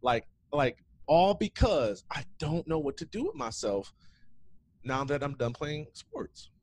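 A man's voice: on the high side, very animated, unhurried, slight background noise. A man in his thirties, a former athlete, telling his story in a casual interview with many "man" and "um" fillers. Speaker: guest, former athlete and founder.

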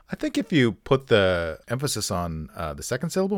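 This is a man running a casual pronunciation walkthrough, tossing in dry jokes at his own expense. His voice leaps around in pitch as he explains. The recording is dry and close, with no room sound. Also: very animated, normal speed, dry recording. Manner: wry, offhand asides and self-mockery. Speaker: host of a pronunciation channel. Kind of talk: casual talk-through with jokes.

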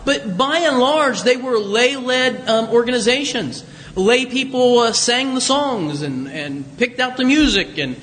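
A man's voice: extremely high pitch, a bit bright, in a large hall. A man preaching a chatty, conversational sermon as pastor, with folksy asides to his congregation. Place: church sanctuary.

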